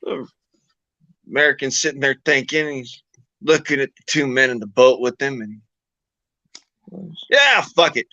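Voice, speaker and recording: A man on a casual voice chat, telling long crude jokes with drawn-out buildup and loud laughs. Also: mid-range voice, vocal fry, dry recording. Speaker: panel participant.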